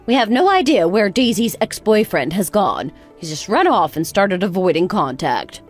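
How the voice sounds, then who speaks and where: A woman's voice: mid-range voice, very animated, normal speed, soft background music, natural voice. A woman voicing a bossy, harsh older mother-in-law who talks in a sarcastic, cutting way. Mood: scornful. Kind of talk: narrated text-story drama.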